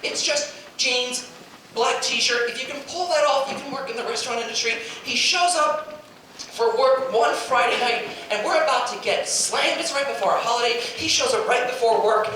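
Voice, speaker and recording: A man from New York performs a stand-up set with a very high voice, building his story into incredulous shouts. He is heard from far off in a hugely echoey convention hall. Noise sits clearly under the recording. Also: moderate pace. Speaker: stand-up comedian. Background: crowd laughter.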